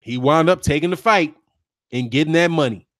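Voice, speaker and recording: A man hosting a boxing channel stream, chatty and animated, talking straight to his viewers and laughing often. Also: a little high, moderate pace. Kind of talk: live-stream boxing commentary.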